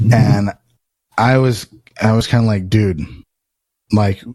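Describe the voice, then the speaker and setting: A man's voice: lowish voice, extremely slow, no echo. A man telling a long story on a podcast in casual, profane talk, acting out what people said. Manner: animated, acts out quotes, swears often.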